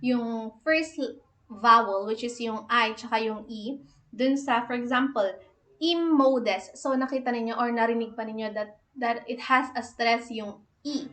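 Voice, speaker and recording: Filipino lady teacher, kinda high voice, spells stuff out letter by letter, echoey room. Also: fairly even intonation, sharp tone. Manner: explains slowly, spelling out letters and repeating words. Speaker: shorthand teacher. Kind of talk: online lesson.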